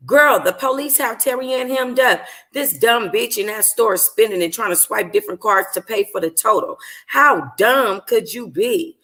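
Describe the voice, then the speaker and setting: A woman voicing a brash, foul-mouthed young woman in a read-aloud story, talking bluntly and excitedly. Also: fairly high pitch, normal speed, hardly any pauses, pitched above the performer's own voice. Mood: alarmed.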